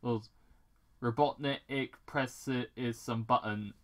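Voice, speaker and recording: A man's voice: mid-range voice, steady tone, extremely slow. A man casually reading a fan story aloud and adding his own comments, often stumbling and restarting over words. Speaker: reader of fan fiction.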